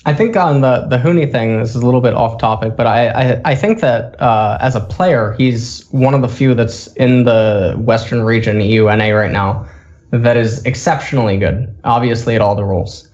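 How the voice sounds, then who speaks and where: A man, a former coach, talking in a casual podcast discussion in a halting, measured way with many fillers. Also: mid-range voice, a little mellow. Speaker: former coach, streamer guest. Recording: dull lo-fi audio.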